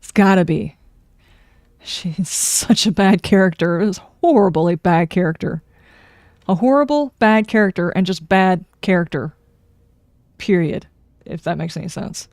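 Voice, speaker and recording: A woman's voice: on the low side, moderate pace, darkish tone, dry recording, clean studio sound. A woman streaming a game, chatting with opinions and talking back to the characters on screen. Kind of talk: casual gameplay commentary.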